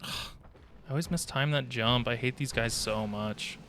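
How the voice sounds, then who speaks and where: A man's voice: medium pitch, a little slow, sharp tone, slight background noise. A man streaming a game, chatting casually and mumbling self-deprecating remarks as he plays. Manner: self-deprecating, mutters to himself while playing. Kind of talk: casual gameplay commentary.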